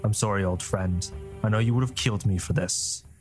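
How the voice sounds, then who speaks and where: A man voicing Lachrimel, a weary, grim old male spy who speaks in low, terse commands. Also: brisk, a little mellow, faint music behind, close to an everyday voice.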